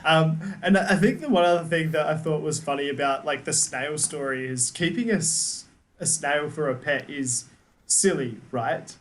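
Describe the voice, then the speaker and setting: A man's voice: fairly high pitch, moderate pace, fairly bright tone. A man co-hosting a reaction video, chatting in an easygoing, rambling way. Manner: easygoing, rambling, laughs often. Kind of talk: casual chat.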